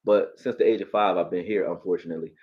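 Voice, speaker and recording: A man from Philadelphia with a Philly accent, hosting a live football stream, profane and animated, talking back to his chat. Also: sits low, fast, phone-quality sound. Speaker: sports streamer.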